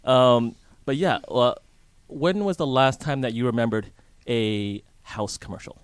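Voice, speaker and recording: Casual male interview guest, mid pitch, dry studio sound. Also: measured pace, clean tone, dry recording. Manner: chatty, asks the hosts questions, restarts often. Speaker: real estate guest. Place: radio studio in a hotel.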